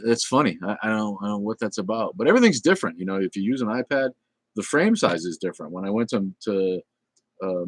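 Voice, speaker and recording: A middle-aged livestream host with a fairly low voice reads viewer comments in casual chat, wandering from topic to topic with lots of ums, fillers, and restarts. He comes across as blunt and irreverent. The recording is dry and close, with almost no room sound and no echo.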